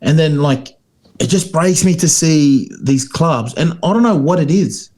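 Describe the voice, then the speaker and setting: A man's voice: a little high, lively intonation, unhurried, a little mellow. Man, rugby podcast co-host, casual rambling storyteller with lots of fillers. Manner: storytelling, many fillers and restarts, acts out quotes. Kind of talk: casual chat.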